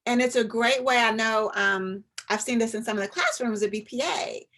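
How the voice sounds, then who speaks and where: A woman psychologist giving an informal, chatty talk to parents, animated and now and then dropping into a soft whisper to show a point. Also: fairly high pitch, moderate pace. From US, Atlanta area. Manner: chatty and animated, often drops to a demonstrative whisper.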